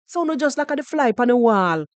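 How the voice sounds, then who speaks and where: This is a Jamaican woman hosting a reaction podcast, her voice riding high with wide, lively swings. She argues heatedly and mockingly, dropping into patois and tripping over repeated words. The sound is close and dry. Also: brisk, dry recording. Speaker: podcast host reacting to other creators.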